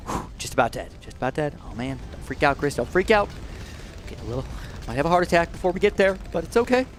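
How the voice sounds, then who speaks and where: A man hosting live gameplay commentary, excitable and talking straight to his viewers, swinging from low muttering to shrieks of alarm. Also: quick pace, soft background music. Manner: addresses viewers directly. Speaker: gaming channel host.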